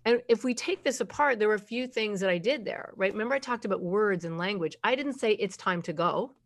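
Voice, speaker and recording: A middle-aged woman speaks as a parenting expert in a relaxed interview. Her voice sits at an ordinary pitch. She is emphatic and keeps tossing in rhetorical questions. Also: fast. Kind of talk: conversational podcast explanation.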